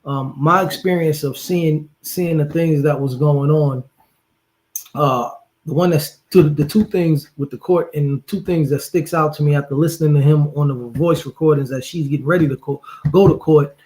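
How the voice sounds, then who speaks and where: A man in a casual chat, relaxed and joking as he tells his side of the story. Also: fairly high pitch, normal speed, rough recording. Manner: relaxed, joking, laid-back. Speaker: guest, her partner.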